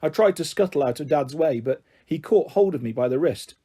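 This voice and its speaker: A man reading a children's storybook aloud in a steady, measured narration. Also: on the high side, slightly rough.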